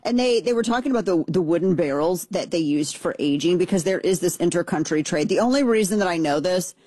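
A woman's voice: fairly low pitch, animated, quick pace, mellow, no room sound. A woman hosting casual political commentary, talking in an opinionated, conversational way with frequent restarts and asides.

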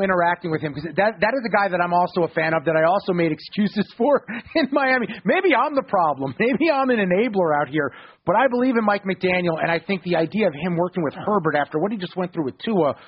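A man hosting a sports radio show, interviewing a guest in a fast, jokey way. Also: high voice, slightly rough. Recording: muffled lo-fi radio audio.

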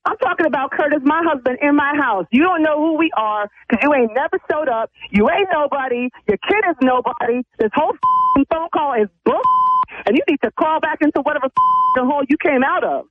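A mother arguing heatedly on a phone call, indignant and cursing with quick retorts. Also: sits high, animated, no echo. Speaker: prank call target, mother. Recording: tinny dry phone line.

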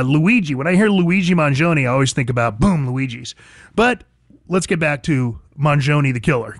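A man hosting talk radio, blunt and opinionated, chatting easily between hard takes. His voice is mid-pitched and sits close to a studio mic with a dry, dead sound. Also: no echo. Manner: blunt, conversational, reminiscing with his producer. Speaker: radio show host.

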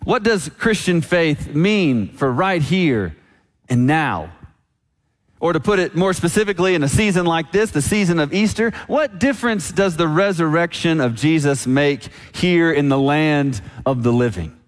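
A man preaching a sermon as pastor, telling a story and slowing down on key lines. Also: a little high. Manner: storytelling, slows down for emphasis. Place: church sanctuary. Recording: long church reverb.

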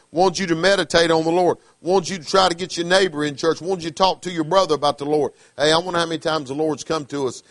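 A preacher man delivering a sermon in folksy dialect. His voice sits a little high and moves between quiet, close asides and fervent rises. The sound is dry and close. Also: dry recording. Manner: swings from hushed to fervent, with dialect grammar and call-outs.

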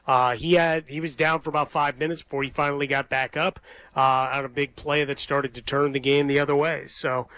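A man's voice: medium pitch, little pitch movement, a little fast, pushed and bright, smooth, dry recording. A male radio co-host in the studio, griping in a mock-glum, dramatic way during casual sports banter.

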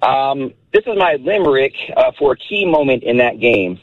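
A man's voice: medium pitch, big pitch swings, normal speed, hardly any pauses, no room sound. Wry male caller on a phone line. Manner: wry, playful. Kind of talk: phone-in call.

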